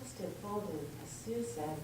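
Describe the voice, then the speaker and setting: A woman's voice: lowish voice, animated, a little slow, a little mellow. A middle-aged woman giving a personal spiritual talk, telling stories and acting out dialogue. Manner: storytelling, acts out dialogue. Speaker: spiritual speaker. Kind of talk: sermon-style personal talk. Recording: echoey room from far off, faint noise.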